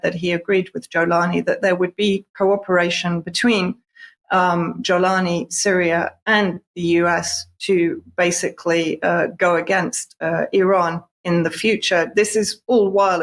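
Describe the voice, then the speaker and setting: A woman giving steady, analytical news commentary. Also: fairly low pitch.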